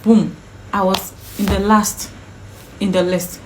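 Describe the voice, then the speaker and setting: A woman's voice: mid-range voice, little pitch movement, takes it slowly, a little hiss or hum, rough recording. A woman vlogger telling a personal story to camera in an indignant, emphatic way, firing off repeated questions.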